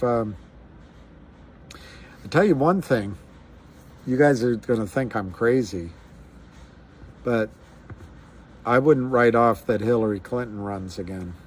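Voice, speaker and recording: Slow rambling man on a livestream. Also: medium pitch. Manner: rambling, musing aloud with restarts. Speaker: livestream host. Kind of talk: casual livestream chat.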